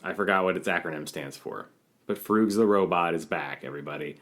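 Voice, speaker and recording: A man with a very deep voice co-hosting a comedy podcast. He talks in a deadpan, rambling way, spinning silly bits. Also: a little fast. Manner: deadpan jokey, rambling riffs. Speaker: podcast co-host. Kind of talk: casual comedic chat.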